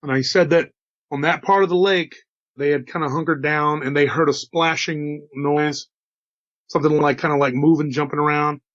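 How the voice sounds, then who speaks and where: A man's voice: a little high, steady tone, moderate pace, a bit bright, dry recording, highs cut off. A man with a slight Texas drawl telling a story in a casual, chatty way, with folksy asides to his listeners. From Texas, USA. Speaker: host telling encounter stories.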